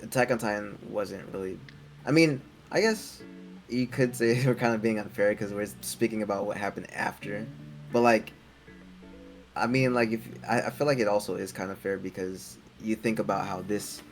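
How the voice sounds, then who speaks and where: A low-voiced man talking on a casual podcast. He hedges and restarts a lot and mostly agrees with his co-host. Music plays clearly underneath him. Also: moderate pace. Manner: hesitant, many fillers and restarts, agreeable.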